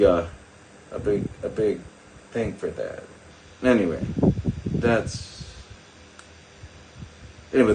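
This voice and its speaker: Over a noisy background, an older man with a fairly low-pitched voice hosts a live stream as a doctor. He rambles and digresses, sarcastic throughout, tossing mocking asides to his viewers.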